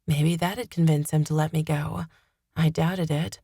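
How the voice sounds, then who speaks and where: Female audiobook narrator, low, measured delivery, dry studio read. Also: steady tone, mellow, husky, no echo. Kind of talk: first-person audiobook narration.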